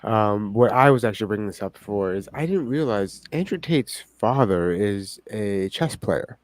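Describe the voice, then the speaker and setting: Man, 30s, podcast co-host, low-ish voice, dry close recording, offhand chat. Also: lively intonation, moderate pace, dry recording. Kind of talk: casual chat.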